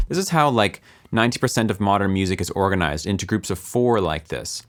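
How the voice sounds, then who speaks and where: A man teaching music production, explaining calmly with the odd um and counting beats aloud softly. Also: on the low side, fairly quick. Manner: explains calmly with filler ums. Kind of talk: relaxed screen-recorded lesson.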